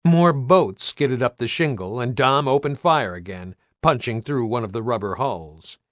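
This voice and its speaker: A man's voice: medium pitch, lively intonation, a little slow, a bit bright, dry recording. A man reading an audiobook aloud with tense, dramatic narration. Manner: tense, dramatic, varied delivery.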